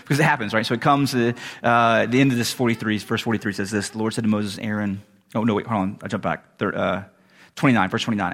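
A man preaching a sermon in a conversational way, correcting himself mid-sentence and rising into animated asides. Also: lowish voice, fast talker. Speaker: pastor.

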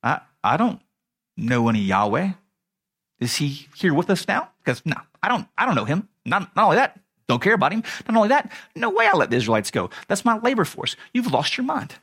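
A man's voice: medium pitch, big pitch swings, a little slow, long pauses. A man voicing a scornful, dismissive ancient king who mocks the request put to him. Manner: mocking, incredulous.

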